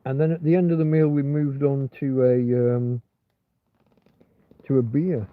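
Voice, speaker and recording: A man's voice: mid-range voice, flat delivery, a little slow, dry recording. A man hosting a rambling, casual livestream chat, meandering with many restarts and fillers. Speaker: livestream host. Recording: tinny phone-like sound.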